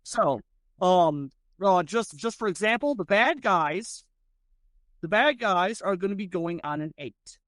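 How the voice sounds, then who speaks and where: A man's voice: high-pitched, animated, a bit bright, dry recording. A man running a tabletop game as game master, with many stammered restarts. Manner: stammering restarts, quick laughs.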